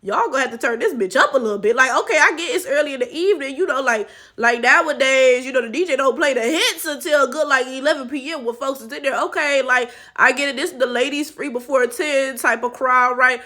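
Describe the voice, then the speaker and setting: A woman's voice: high-pitched, fairly quick, few pauses, sharp tone. A woman hosting a casual film reaction commentary, joking and rambling with lots of profanity. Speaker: channel host.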